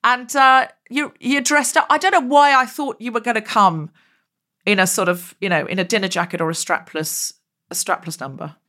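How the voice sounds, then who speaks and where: A woman hosting a comedy podcast over a video call, telling self-mocking stories with lively energy. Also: a little high, normal speed. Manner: animated, self-mocking storyteller. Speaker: podcast host. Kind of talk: comic conversational chat.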